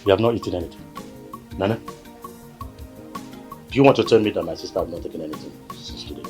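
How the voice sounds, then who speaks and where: An actor with a Nigerian accent playing a tired husband and brother who keeps pleading for calm and repeats himself. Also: male voice, deep voice, fast talker, close to an everyday voice. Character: weary peacemaking husband and brother. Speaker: brother trying to settle a family quarrel. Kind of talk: Nollywood family drama acting. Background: background music.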